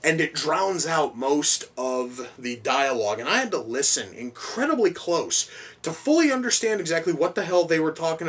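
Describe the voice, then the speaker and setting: A man's voice: mid-range voice, a bit bright, recorded from a distance. A man giving a casual spoken film review, rambling with frequent restarts, repeated words and swearing. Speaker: movie reviewer.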